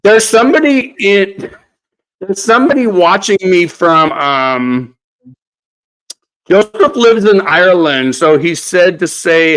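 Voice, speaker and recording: A chatty man hosting a relaxed live craft chat, voice sitting a bit higher than most men's. He repeats himself often and laughs easily as he reads out viewers' comments. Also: slow pace, low-quality recording. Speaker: craft channel host. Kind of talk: casual live-stream chat.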